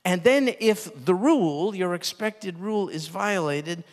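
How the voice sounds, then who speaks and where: An older male pastor preaches a sermon in an earnest voice that sits a little high. He drops low and soft when he quotes tender words, and his voice carries a long reverb. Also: expressive, measured pace.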